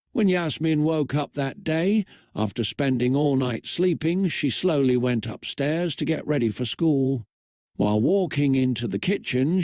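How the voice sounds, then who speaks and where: A man reading a fan-fiction story aloud for comedy, narrating in a steady, matter-of-fact way. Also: on the high side, no room sound, studio quality.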